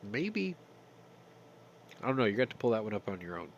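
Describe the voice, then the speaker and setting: Host, male, low lively voice, congested, wry profane news commentary, faint background noise. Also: fast, vocal fry, lo-fi sound. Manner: sarcastic, swears, reads news then jokes. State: stuffy from sinuses. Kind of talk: casual news roundup with commentary.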